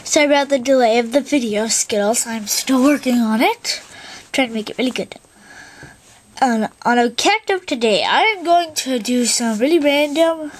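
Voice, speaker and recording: A woman rambling through a casual vlog, self-deprecating and fighting a bad cough. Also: fairly high pitch. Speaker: video creator.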